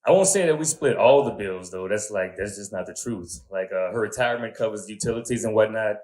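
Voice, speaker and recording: A man in his thirties doing a stand-up comedy set, telling crude stories in a conversational way and checking in with the crowd with quick asides. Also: fairly low pitch, a little mellow. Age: 30s. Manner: conversational storytelling, crude punchlines, frequent "right?" asides.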